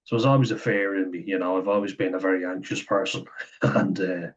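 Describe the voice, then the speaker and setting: Young man for a personal vlog: deep, flat delivery, frequent swearing and laughter, dull lo-fi recording. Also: brisk. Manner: swears freely, laughs often, acts out quotes. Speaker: vlogger. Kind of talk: candid personal talk to camera.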